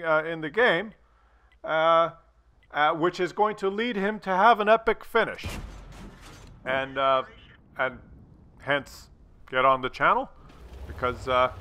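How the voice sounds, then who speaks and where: A man commenting on gameplay, joking and teasing in a crude, casual way with plenty of fillers. His voice sits a little high and sounds bright and forceful. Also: slight background noise. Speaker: gaming commentator. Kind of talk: comedy skit and gameplay commentary.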